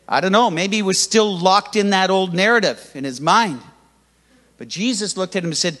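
Older guy pastor giving a sermon, fairly high voice, jokey and lively, big church hall echo. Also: a little slow. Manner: lively, humorous preaching with sudden loud rises.

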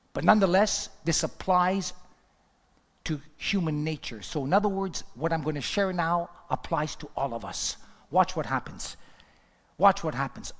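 Fervent male preacher, high-pitched, reverberant hall sound, loud-to-hushed delivery. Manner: fervent preacher, swinging from shouts to hushed asides. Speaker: pastor. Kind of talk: sermon.

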